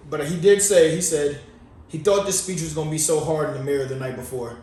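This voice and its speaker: A man co-hosting a casual podcast, rambling through his points and slipping in jokes. His voice sits a bit high. He sounds far from the mic in a strongly echoing room with faint noise. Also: a little fast. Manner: joking, rambling, animated. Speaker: podcast co-host. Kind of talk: casual chat.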